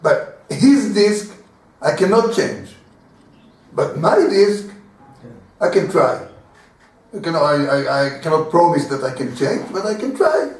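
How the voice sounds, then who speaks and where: Animated rabbi man in an echoey room. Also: fairly high pitch, slow pace, long pauses, distant mic. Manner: animated, repeats words, acts out little dialogues with laughs. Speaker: rabbi teaching a class. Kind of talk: informal Torah lesson.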